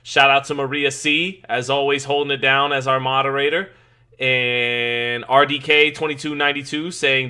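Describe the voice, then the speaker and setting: A man's voice: medium pitch, flat delivery, normal speed, bright, forceful tone, clean tone. A man in his thirties hosting a live boxing watch party, chatting casually and greeting viewers in the chat. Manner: chatty, greets chat members, frequent restarts. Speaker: live stream boxing host. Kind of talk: casual live-stream commentary.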